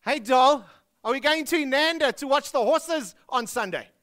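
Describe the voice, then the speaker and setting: Man voicing a posh South African friend, affected, breezy, bright tone. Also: very high voice, moderate pace, voice pushed up.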